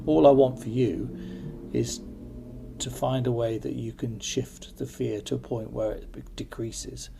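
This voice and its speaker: A man's voice: mid-range voice, fairly even intonation, a little slow, gravelly, noisy background. A man hosting a podcast, chatting casually in an encouraging way and laughing often. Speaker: podcast host. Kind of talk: casual chat.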